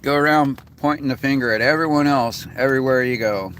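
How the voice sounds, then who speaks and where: A man's voice: mid-range voice, fairly quick, fairly bright tone, a little hiss or hum. A man venting in a rambling, profane, casual rant as a vlogger. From United States.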